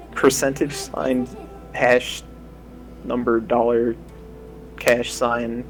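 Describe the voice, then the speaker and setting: A man's voice: medium pitch, level tone, drawn-out words. A young man streaming a speedrun, chatting casually with rambling, sarcastic asides. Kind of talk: casual stream chat over gameplay. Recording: game music playing behind.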